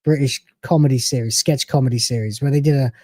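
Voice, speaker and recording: Streamer host, man, mellow tone, dry close mic, profane ranting commentary. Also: medium pitch, fairly even intonation, no room sound. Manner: profane, ranting, quick to laugh. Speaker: streamer reacting to a video.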